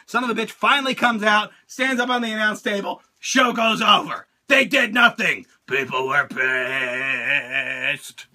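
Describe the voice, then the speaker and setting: Excitable, profane male host, very bright and sharp, high voice. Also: normal speed, hardly any pauses. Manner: excitable, profane, laughing often. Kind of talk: casual chat.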